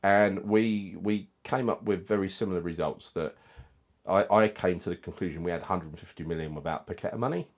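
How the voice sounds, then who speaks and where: A man's voice: low-pitched, brisk. A man hosting a football fan channel, delivering a heated, sweary rant in casual commentary.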